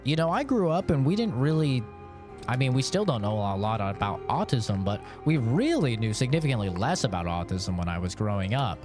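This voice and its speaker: A man's voice: medium pitch, sing-song, a little fast, over music. A young man streaming games and chatting casually, rambling frankly, swearing freely, and laughing often. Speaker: gaming streamer. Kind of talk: casual live-stream chat.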